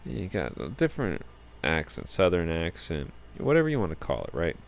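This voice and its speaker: Very deep-voiced tired man rambling. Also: huge pitch swings, moderate pace, gravelly. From United States. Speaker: vlogger. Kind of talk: casual rambling vlog talk.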